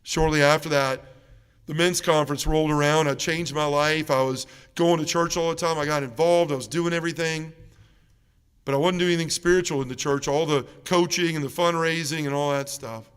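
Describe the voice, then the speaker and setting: A man's voice: a little high, fairly even intonation, fairly quick, fairly bright tone, smooth, in a large hall. A middle-aged man giving an earnest testimony to a church congregation at a parish mission, telling his story and acting out the voices of the people in it. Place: large church.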